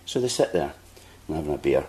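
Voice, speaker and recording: Man, Scottish accent, very low voice, casual storytelling chat, animated. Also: quick pace. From Scotland. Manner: animated anecdote-telling, acting out quotes. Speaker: podcast host.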